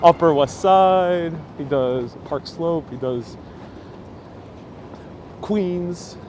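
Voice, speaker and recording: A man's voice: on the high side, drawn-out words, a little mellow. A man from New York with a New York accent, hosting a live walking tour outdoors and chatting back to viewer comments as he goes. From New York City. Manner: chatty, friendly, answers viewer comments aloud as he walks. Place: outdoors on a windy city street. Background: faint street ambience and passing traffic.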